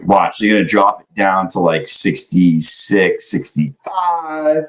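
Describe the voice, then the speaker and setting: A man's voice: on the low side, expressive, slow pace, few pauses, a bit bright, poor audio. A young man day trading live, chatting loosely with his stream viewers and swearing now and then. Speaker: livestream day trader. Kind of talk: casual live-stream chat.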